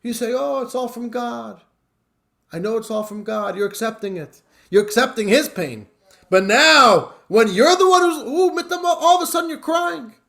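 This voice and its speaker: A man's voice: very high voice, normal speed, creaky, voice pushed up, full character voice. A man voicing a stern elderly rebbe who sharply scolds a follower. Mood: sharp rebuke. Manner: sharp, scolding, rising to exclamations.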